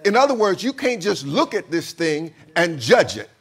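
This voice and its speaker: A man's voice: sits high, big pitch swings, normal speed, fairly bright tone, breathy edge, faint music behind. A man preaching a sermon as pastor, acting out a king's confused voice and talking back and forth with his congregation.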